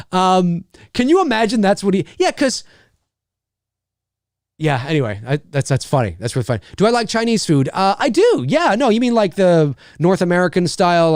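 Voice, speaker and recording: On his casual livestream, a man in his thirties rambles through viewer questions, laughing often and restarting his lines. His fairly high voice has a slightly mellow quality, and the clean studio recording carries no room sound.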